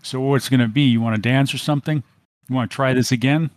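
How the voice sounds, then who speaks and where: Pria memerankan pemimpin geng jalanan yang mengejek. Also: male voice, medium pitch, steady tone, fast, no room sound, clean studio sound, close to an everyday voice. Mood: taunting. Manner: taunting, mocking. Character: hostile male street gang leader, sneering.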